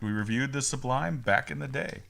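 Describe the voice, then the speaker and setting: Fast-talking bright male co-host. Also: mid-range voice, vocal fry. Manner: quick, breezy replies and short agreements. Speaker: podcast co-host. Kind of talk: casual chat.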